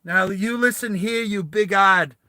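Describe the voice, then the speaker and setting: A man's voice: high-pitched, measured pace, pushed and bright, no room sound, studio quality, pitched above the performer's own voice, full character voice. A man voicing a cool knife-throwing commando with a put-on Southern accent, drawling and threatening. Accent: put-on American Southern.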